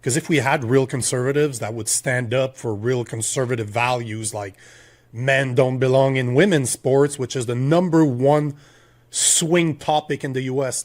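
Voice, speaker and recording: Ranting French Canadian man. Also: medium pitch. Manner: emphatic, ranting, rhetorical questions. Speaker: podcast co-host. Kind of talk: political podcast talk.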